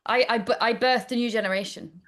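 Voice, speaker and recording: A woman's voice: a little high, fairly even intonation, fairly quick, a bit bright. A woman, a chatty guest telling stories in a casual interview. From Nottingham, England. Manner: chatty storyteller, trailing off. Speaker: astrologer guest.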